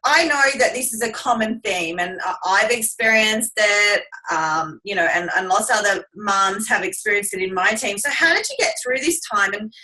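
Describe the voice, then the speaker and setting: A woman's voice: mid-range voice, lively intonation, moderate pace, few pauses, sharp tone. A woman host asking a guest questions in an upbeat, chatty way on a live stream. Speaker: host, team leader. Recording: voice distant from the mic.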